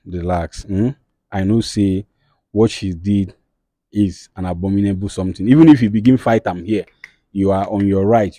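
A Nigerian man acting a calm talk show host who mediates and keeps urging calm, slipping into Pidgin. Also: on the low side, no echo, lightly acted. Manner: soothing, repeatedly urging calm, mixes Pidgin. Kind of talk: comedy skit acting.

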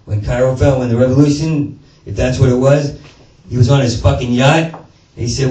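A male stand-up comedian performing a rambling, profane monologue, full of halting repetitions, in a small performance space. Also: medium pitch, darkish tone, reverberant, far from the mic, low-quality recording.

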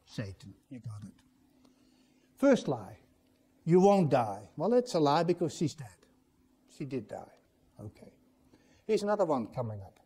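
A man's voice: medium pitch, sing-song, unhurried, pauses often, warm tone, husky. A man preaching a sermon as pastor in a church, emphatic and putting rhetorical questions to the congregation.

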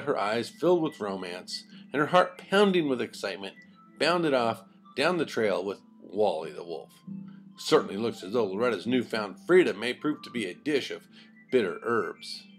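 An older man narrating a children's storybook in an expressive, folksy way. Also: medium pitch.

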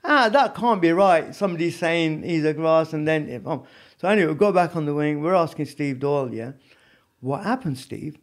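A man with a high voice tells his story as a podcast guest. He talks in an animated, casual way and keeps checking in with his listener. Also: normal speed. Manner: animated, peppered with "you know what I mean". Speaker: podcast guest, former prisoner.

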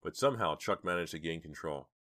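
Man narrating audiobook, extremely deep voice, bright tone, dramatic measured delivery. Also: lively intonation, dry recording, clean studio sound. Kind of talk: audiobook reading.

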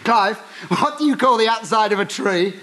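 A man's voice: sits high, normal speed, bright, forceful tone. A man performing live sketch comedy, eager and fumbling, repeating himself as he tries to tell a joke. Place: TV studio stage with live audience. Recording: TV studio broadcast, audience laughter, noisy.

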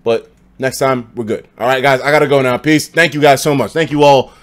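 A young man streaming casually from his apartment, tipsy after drinks, talking loosely and profanely, jumping between loud outbursts and low mumbles. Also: fairly even intonation, fairly quick. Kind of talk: casual live-stream chat. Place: home apartment.

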